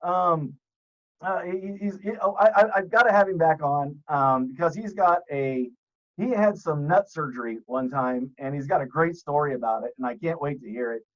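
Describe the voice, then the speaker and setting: A man guesting on a podcast, telling profane stories in a deep, announcer-style voice. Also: moderate pace, dull audio. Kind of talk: casual podcast chat.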